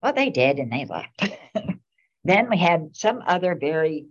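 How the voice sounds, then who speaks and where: A woman's voice: sits low, sing-song, measured pace, breathy edge. A middle-aged woman and town commissioner, rambling through casual anecdotes at a meeting. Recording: dull lo-fi meeting recording.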